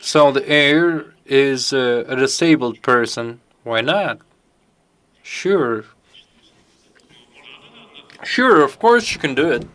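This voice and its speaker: A man interpreting a conference Q&A live, halting as he picks his words. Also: medium pitch, expressive, fairly bright tone.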